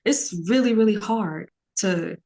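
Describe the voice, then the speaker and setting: A woman's voice: medium pitch, measured pace, gravelly, mellow. A woman, a podcast guest talking earnestly in a rambling casual way, with many fillers.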